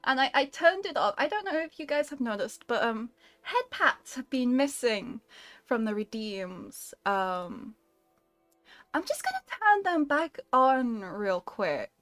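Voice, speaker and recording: A woman's voice: high-pitched, fairly bright tone, dry recording. A woman streamer chatting live with her viewers, playful and giggly, laughing often between lines.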